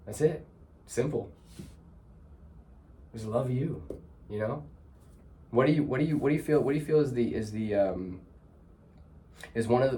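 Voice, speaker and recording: A man's voice: on the low side, dark tone, slight background noise. A man hosting a heartfelt conversation, talking in a reflective, searching way with many restarts. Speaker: host.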